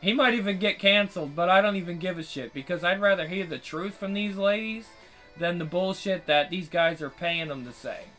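Male channel host, high-pitched, profane rambling delivery, faint music behind. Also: a little fast, bright, forceful tone, low-quality recording. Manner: rambling, profane, frequent restarts. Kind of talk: casual commentary.

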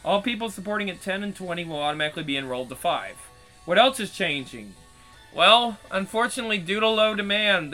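A man's voice: high voice, sharp tone, low-quality recording. A man hosting his channel in casual, profane commentary, rambling with frequent restarts. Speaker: channel host.

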